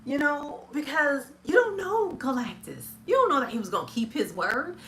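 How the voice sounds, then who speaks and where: A woman with a fairly high voice reviews a superhero film in a loose, chatty stream. She hesitates often, restarts her sentences and keeps filling pauses with ums. She comes across as relaxed and talkative. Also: a little hiss or hum. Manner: chatty, hesitant, many fillers, laughs often. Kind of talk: casual live chat review.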